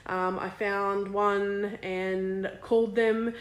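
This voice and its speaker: A woman in her thirties talks straight to camera in a casual vlog, open and emotional, with plenty of swearing. Her voice sits at an ordinary middle pitch. The sound carries a roomy echo. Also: little pitch movement, drawn-out words. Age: 30s. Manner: candid, emotional, swears freely. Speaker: vlogger and small business owner.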